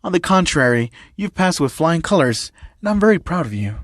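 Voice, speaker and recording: A patient, fatherly school principal, read aloud by a man, calm and measured with a hint of weary exasperation. The voice is fairly high for a man, recorded dry and close. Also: no echo.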